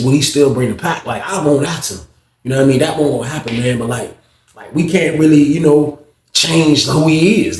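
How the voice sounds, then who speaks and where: Guy telling a story, slangy and animated, voice a bit high, echoey room. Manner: animated, slangy, repetitive "man". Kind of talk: casual storytelling. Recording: roomy echo.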